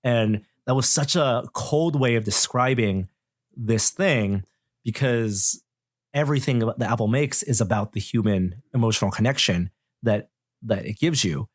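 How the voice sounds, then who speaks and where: A man's voice: mid-range voice, measured pace, no echo, studio quality. A middle-aged man, a tech journalist guesting on a podcast, talking thoughtfully and rambling with many restarts. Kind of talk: casual podcast chat.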